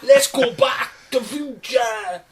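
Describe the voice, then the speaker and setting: A man's voice: very high-pitched, wildly swooping pitch, slow, pitched above the performer's own voice, heavily acted. A man doing a simple childlike guy. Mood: giddy. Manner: broken grammar, sing-song, giggly. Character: dim-witted childlike man dreaming of film endings. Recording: noisy background hiss.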